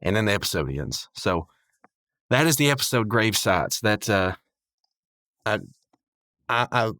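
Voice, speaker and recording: A man's voice: fairly low pitch, big pitch swings, unhurried, sharp tone, no room sound, clean studio sound. A man hosting a podcast, recapping a cartoon episode in a loose, rambling way, full of fillers and little chuckles. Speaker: podcast host.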